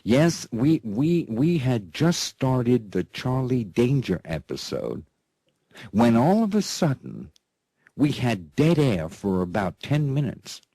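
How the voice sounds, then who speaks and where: Slow, husky-voiced male radio host. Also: mid-range voice, sing-song, warm tone, dry recording. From United States. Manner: rambling, constantly checking in with "okay?" and "that's right"; playful, showman-style introductions. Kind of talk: casual talk-radio monologue.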